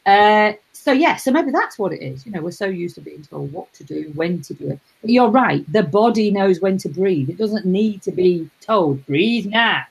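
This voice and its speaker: A middle-aged woman hosting a casual live chat, rambling warmly and greeting viewers. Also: mid-range voice, expressive, moderate pace, gravelly, hardly any pauses, husky, poor audio. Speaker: host.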